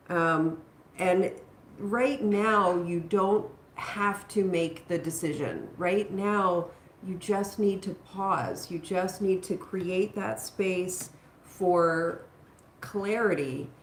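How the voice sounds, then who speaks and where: A woman with a lowish voice reads tarot cards on a live stream. She talks in a reassuring, thinking-aloud way. Her voice carries an echoey room with a faint hum behind it. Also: expressive, slow. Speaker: tarot reader.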